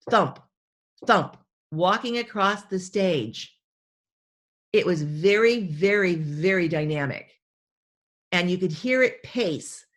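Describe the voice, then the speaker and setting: A woman speaking coach teaching a webinar in an enthusiastic, conversational way, often repeating herself for emphasis. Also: medium pitch.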